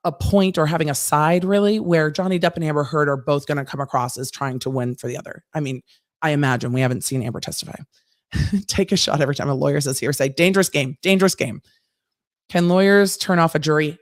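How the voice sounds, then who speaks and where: An American woman, a former trial lawyer, hosting a live-stream and chatting through viewer comments with quick asides. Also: deep voice, no room sound, studio quality. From United States.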